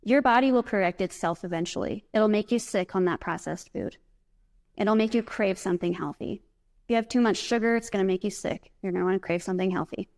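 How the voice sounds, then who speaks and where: A woman's voice: medium pitch, brisk, darkish tone. Chatty upbeat woman speaker. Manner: chatty, upbeat, filler "like", guides breathing exercises. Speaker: motivational speaker. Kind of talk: casual talk to a live audience. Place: conference presentation.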